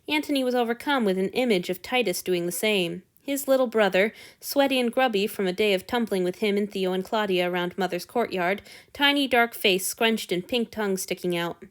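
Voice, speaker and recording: A woman reading fan fiction aloud with expressive storytelling narration. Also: medium pitch. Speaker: audiobook reader.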